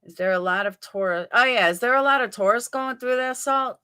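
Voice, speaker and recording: A woman's voice: fairly high pitch, normal speed, pushed and bright, clear, resonant tone. A woman with a New York accent hosting a livestream, chatting casually and answering her viewers' comments by name as she thinks aloud. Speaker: livestream host. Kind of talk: live chat commentary.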